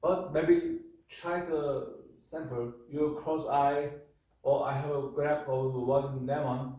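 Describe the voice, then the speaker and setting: A man lecturing a class in halting, repetitive English. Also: fairly high pitch, steady tone, warm tone. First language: Korean. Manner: halting, repetitive, broken phrasing. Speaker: university lecturer. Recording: echoey room, mic far off.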